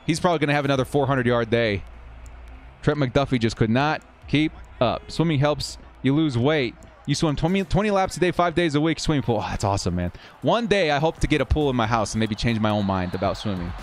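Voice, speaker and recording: With a medium-pitched, brisk voice, the man hosts a live stream of football game simulations. He calls plays in a relaxed way and chats with viewers between them while faint 1980s-style music runs underneath.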